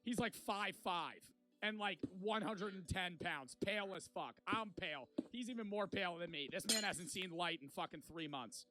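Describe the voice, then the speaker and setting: A man's voice: sits high, expressive, normal speed, pushed and bright, soft background music. A man in his twenties telling a rambling, profane story in casual vlog style. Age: 20s. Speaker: vlogger.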